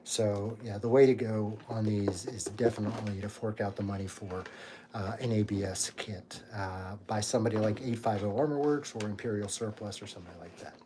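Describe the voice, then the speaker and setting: A man hosts a casual live Q&A and rambles in a friendly, unpolished way, full of ums and uhs. He is pulling off pieces of costume armor as he talks. Steady hiss and clicking run under the recording. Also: fairly low pitch, brisk. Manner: chatty and rambling, with many fillers. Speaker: cosplay channel host.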